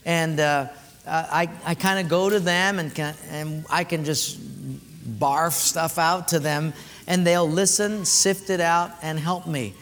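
A man preaching a sermon as pastor, telling stories with lively vocal sound effects. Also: fairly high pitch, measured pace, long reverb tail. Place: church.

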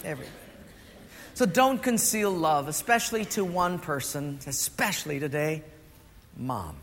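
A man with a notably high voice preaching a sermon, weaving stories and putting questions to the congregation. His voice carries a long hall reverb, with a faint hiss underneath. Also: expressive, moderate pace, fairly bright tone. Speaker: pastor. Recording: echoey hall with faint noise.

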